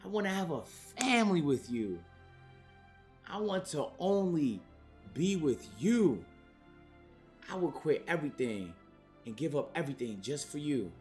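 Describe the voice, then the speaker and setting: A man's voice: fairly high pitch, very animated, measured pace, pauses often, soft background music. A male streamer reading aloud, voicing a clingy, obsessed male superfan with pleading, overwrought delivery. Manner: pleading, overwrought, then shouting in anger.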